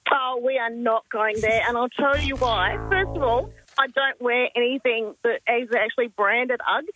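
A woman's voice: on the high side, steady tone, normal speed, sharp tone, soft background music, low-quality recording. A woman calling in to a talkback radio show, giving emphatic, opinionated answers. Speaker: radio caller.

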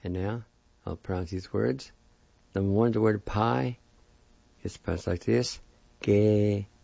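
A man with a low, gravelly voice teaches vocabulary at an unhurried, deliberate pace, breaking words into syllables and saying each one several times. His tone is dark and mellow. The recording is dry and dull, with a lo-fi sound. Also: no room sound. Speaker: language teacher. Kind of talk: recorded weekly language lesson.

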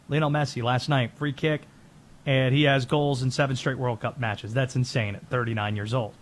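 A man hosting a sports show, giving rapid-fire, opinionated commentary on football and soccer. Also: a little high, fairly bright tone.

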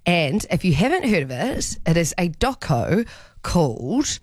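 A woman's voice: fairly low pitch, very animated, unhurried, dry recording, studio quality. A young woman co-hosting an afternoon radio show, chatting in a bubbly way and laughing often. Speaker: radio co-host. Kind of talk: casual radio chat. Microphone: studio mic.

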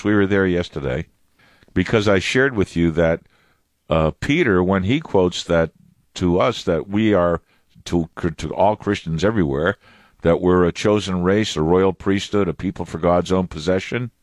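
A man's voice: on the low side, dry recording. A man preaching a sermon in a conversational way, firing off rhetorical questions and often restarting his sentences.

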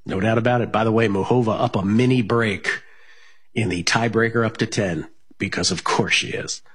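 A man's voice: fairly low pitch, fairly even intonation, normal speed, crowd noise. A man hosting a sports betting radio show, talking casually with plenty of fillers and restarts. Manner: rambling, many fillers and restarts.

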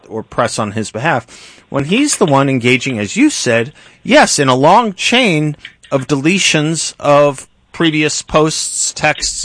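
A man hosting a political talk radio show, speaking in a measured way and repeating words for emphasis. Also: on the high side, fairly bright tone, dry recording.

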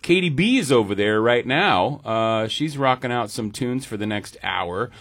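A man hosting a local public radio pledge drive in the studio, chatting casually with a deep morning voice. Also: normal speed, no echo. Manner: relaxed, chatty, with fillers. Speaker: radio host. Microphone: studio mic.

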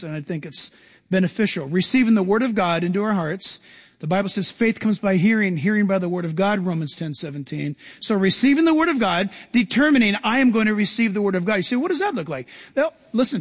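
Animated high-voiced male pastor preaching. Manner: animated, acts out quotes with shouts. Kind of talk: sermon.

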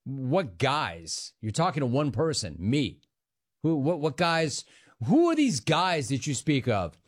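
A man's voice: medium pitch, very animated, takes it slowly. A man hosting a call-in radio show, taking callers with a playful, joking delivery. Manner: playful, jokey, sing-song riffs. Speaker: radio talk show host.

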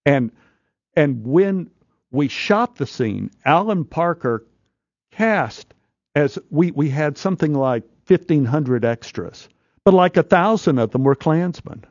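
A male actor guest telling an animated anecdote in a studio interview, stammering, restarting and acting out voices. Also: fairly high pitch, takes it slowly, no echo, muffled recording. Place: radio studio.

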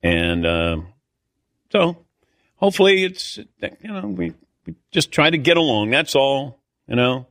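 A middle-aged man hosts a casual sports talk show, rambling through stories with indignant asides and self-mocking humor. His voice is bright and forceful. The sound is dry and close. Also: mid-range voice, sing-song, unhurried, pauses often, no room sound. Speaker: sports radio host.

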